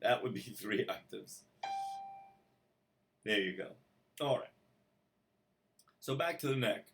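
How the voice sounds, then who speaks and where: A man with a bass voice who teaches singing, explaining slowly and breaking into sung vocal exercises. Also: expressive, noisy background. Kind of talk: singing lesson. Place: room.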